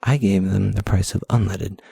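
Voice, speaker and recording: A man's voice: deep voice, fairly even intonation, moderate pace, gravelly, warm tone, breathy edge, dry recording, clean studio sound. A young man hosting a solo podcast, ranting and rambling casually with self-deprecating asides. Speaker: podcast host.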